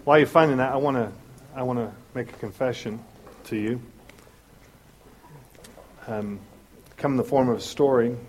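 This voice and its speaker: A man preaching a sermon, telling a story in an animated way and acting out the voices of the people in it. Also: mid-range voice, moderate pace, long pauses, slight background noise. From Southern California. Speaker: pastor.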